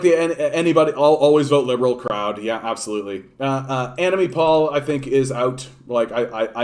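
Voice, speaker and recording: Canadian guy ranting about politics on a stream, swears a lot, repeats himself. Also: mid-range voice. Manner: blunt, profane, repeats himself. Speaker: political commentator. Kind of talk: casual livestream commentary.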